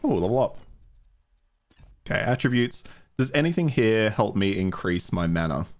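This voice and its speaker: A man's voice: on the low side, big pitch swings, moderate pace. A man with a mild Australian accent streaming a video game, chatting casually, thinking aloud and laughing easily. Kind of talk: casual live-stream commentary.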